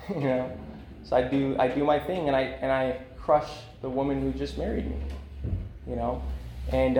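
A man's voice: mid-range voice, a little mellow, a little hiss or hum. A man in his thirties speaking at a recovery meeting, candid and rambling with many fillers. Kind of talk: personal recovery talk. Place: meeting room. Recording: echoey room, faint ambience.

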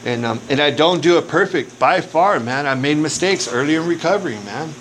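A man's voice: on the high side, lively intonation, a little fast, a bit bright. A man giving a candid personal recovery testimony with casual profanity and lots of conversational asides. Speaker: recovery speaker. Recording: noisy recording. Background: noise.

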